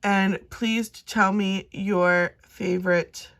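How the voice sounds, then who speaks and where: A woman in her thirties talks casually to her viewers, thinking out loud and rambling with plenty of fillers. Her mid-pitched voice has a gravelly fry running through it, and she speaks as if chatting at home. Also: steady tone, extremely slow. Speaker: cash budgeting vlogger. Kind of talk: casual chat to camera.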